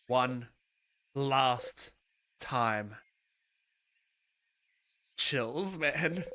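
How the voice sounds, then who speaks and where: A streamer playing a story game live, reading its narration aloud with dramatic flair and breaking into loud, excited outbursts. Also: mid-range voice, slight background noise. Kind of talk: live let's-play commentary, reading game text aloud. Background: game music.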